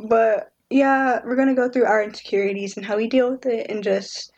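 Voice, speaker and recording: A teenage girl hosting a podcast with friends, her voice sitting a little high. She rambles and giggles, often mocking herself. A faint hiss runs under the recording. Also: fairly even intonation, fairly quick, darkish tone, dull audio. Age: teens. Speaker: podcast host. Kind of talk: casual chat.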